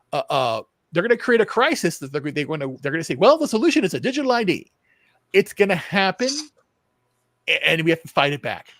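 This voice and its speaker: A man's voice: fairly high pitch, fairly bright tone, no echo, clean studio sound. A man hosting a casual political chat show, rambling with frequent restarts and repeated words, and swearing now and then. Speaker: show host.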